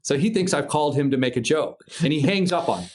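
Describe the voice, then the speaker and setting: A man from Minnesota, a paraglider pilot and podcast guest, telling a story in a casual, animated way, swearing freely and imitating sounds. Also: on the high side, fast. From Minnesota, USA.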